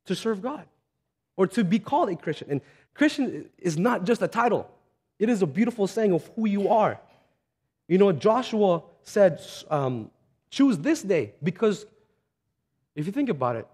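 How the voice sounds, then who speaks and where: A man's voice: sits high, a little mellow, husky. A man preaching a sermon in a conversational, earnest way, telling stories and acting out the voices of the people in them. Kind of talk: sermon with storytelling.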